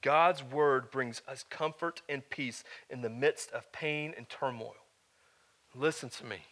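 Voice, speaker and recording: A male pastor delivering a sermon in a bright, forceful voice. He swings between loud, emphatic declarations and quieter, earnest teaching, checking in with the congregation as he goes. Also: mid-range voice, measured pace.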